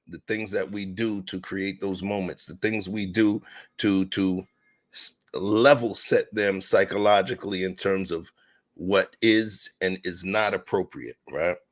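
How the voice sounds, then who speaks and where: A man hosting a casual panel chat over a video call, laid back as he directs the discussion. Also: on the low side. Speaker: host, moderator.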